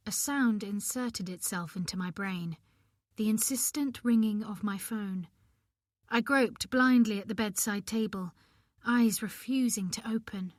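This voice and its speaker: A woman narrating an audiobook in the first person, reading in an expressive, measured way. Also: medium pitch, dry recording, studio quality.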